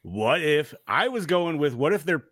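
A man's voice: fairly high pitch, moderate pace, no room sound, studio quality. A man hosting a casual podcast chat, leading the group through scores and questions. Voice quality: animated, runs the discussion. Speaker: podcast host.

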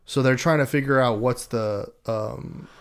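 Smooth-voiced man, hesitant and explaining. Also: mid-range voice, a little slow. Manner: hesitant, many ums and restarts while explaining. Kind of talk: casual chat.

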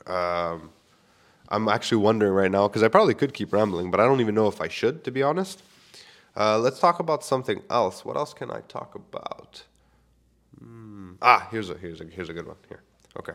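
Candid man rambling on his podcast. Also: fairly low pitch. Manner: candid, self-questioning, swears casually. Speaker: podcast host. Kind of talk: rambling solo podcast monologue.

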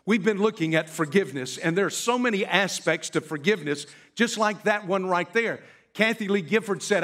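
Preacher man retelling a story slowly. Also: high voice, fairly bright tone. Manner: storytelling, stretches key words slowly for emphasis. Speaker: pastor. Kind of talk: sermon.

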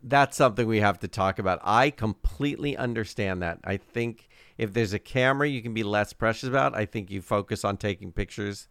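A man's voice: lowish voice, a bit bright, smooth, dry recording, clean studio sound. A man co-hosting a casual talk show, reacting eagerly and adding his own views. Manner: enthusiastic, quick reactions. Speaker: podcast co-host. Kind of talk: casual chat.

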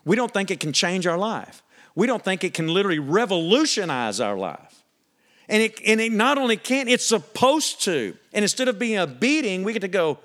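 A man preaching a sermon, animated and emphatic, swinging between loud punchy lines and quiet earnest ones. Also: high voice, moderate pace.

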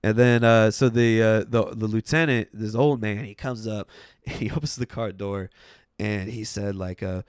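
A man's voice: lowish voice, steady tone, normal speed, smooth, no room sound, studio quality. A young man casually telling a profane story from his life, acting out the voices of people in it. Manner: profane, laid-back, acts out quoted voices.

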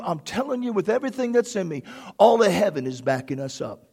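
A pastor preaching a fervent sermon and reading a story aloud to his congregation, at times bursting into shouts. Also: sits high, expressive, a little fast, slightly rough.

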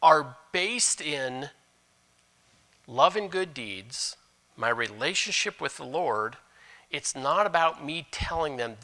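Animated, bright-voiced male preacher. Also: on the high side, slow. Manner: animated preaching, switching between loud emphasis and hushed asides. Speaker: pastor. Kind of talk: sermon.

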